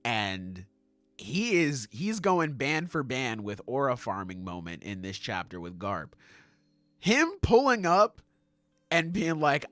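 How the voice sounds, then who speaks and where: Animated young man recapping with gusto. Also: on the high side, slow. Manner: animated, swearing, laughing, acting out scenes. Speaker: podcast host. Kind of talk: casual chat.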